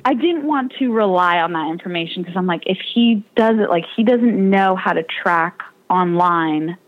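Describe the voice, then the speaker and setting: A woman's voice: fairly low pitch, moderate pace, lo-fi sound. A young woman, a triathlete guest in an interview, telling her story casually and with animation, laughing often and acting out the voices of people she quotes.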